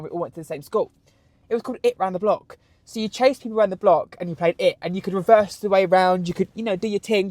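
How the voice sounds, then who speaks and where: A young British man in his twenties hosting a solo podcast, telling crude, camp stories in an animated way. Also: high voice, dry recording. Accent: British English. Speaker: podcast host. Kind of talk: solo podcast answering questions.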